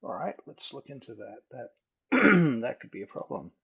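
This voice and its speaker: A man running a tabletop role-playing game as game master, casual and joking, slowing down to set scenes. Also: mid-range voice, very animated, creaky, fairly bright tone, slightly rough, dull audio. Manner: casual, joking, with slow vivid scene-setting.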